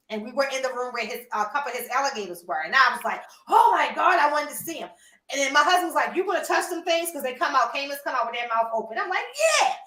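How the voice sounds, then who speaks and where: Woman host, animated storyteller who laughs a lot and speaks straight to her audience; high voice, echoey room. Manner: animated, laughing, addresses listeners as y'all. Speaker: podcast host. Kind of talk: casual storytelling chat.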